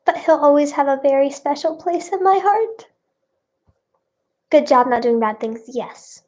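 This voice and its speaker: A woman with a high, bright-sounding voice hosts a playful live stream. She talks at an easy, unhurried pace and reads out her viewers' guesses with bubbly cheer. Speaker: livestream host.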